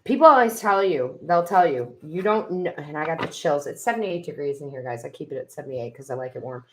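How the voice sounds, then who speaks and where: A woman's voice: sits low, animated, fairly quick, noisy background. A woman tarot reader and medium reading cards on a live stream from her home, effusive and emotional, talking into her computer's built-in mic. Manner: emotional, effusive, tearful exclamations. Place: home room. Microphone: built-in computer camera mic.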